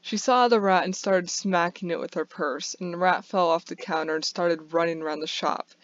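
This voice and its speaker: A woman's voice: fairly low pitch, moderate pace, close to an everyday voice. A woman voicing a kind, friendly young male barista who chats with amusement, on a dull lo-fi recording. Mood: amused.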